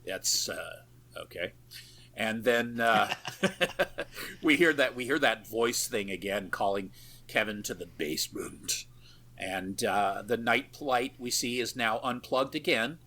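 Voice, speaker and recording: A man's voice: medium pitch, slow pace, bright, forceful tone. A man co-hosting a podcast, recapping a film in a loose, profane way with lots of fillers and easy laughs. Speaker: podcast co-host. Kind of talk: casual chat recapping a film.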